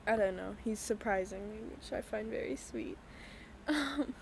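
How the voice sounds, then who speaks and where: A young woman hosting her own podcast, talking candidly in a halting, hesitant way with many pauses and ums. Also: medium pitch, creaky, slight background noise. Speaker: podcast host. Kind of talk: candid personal talk. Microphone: voice-only recording with a black screen.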